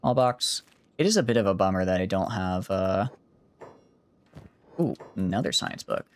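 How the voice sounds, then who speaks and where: A man with a mild Southern US accent streams a game in a chatty, rambling way, stopping often to correct himself. His voice sits fairly low but swings lively up and down as he talks. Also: moderate pace. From Southern United States. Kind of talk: casual gameplay commentary.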